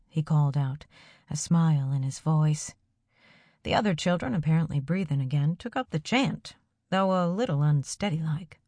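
A woman narrating a first-person story aloud in a calm, measured way. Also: sits low, no room sound, studio quality. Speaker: audiobook narrator.

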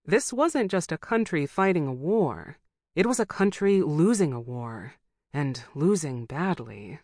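Steady audiobook narrator, dry sound. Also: medium pitch, no room sound. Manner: steady, measured storytelling. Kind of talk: scripted novel narration.

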